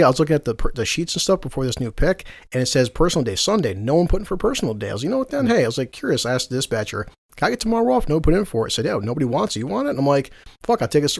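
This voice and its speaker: A man's voice: medium pitch, animated, racing, no echo, clean studio sound. A man in his forties hosting a podcast in casual chat, swearing a lot and laughing through rambling stories. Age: 40s. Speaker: podcast host.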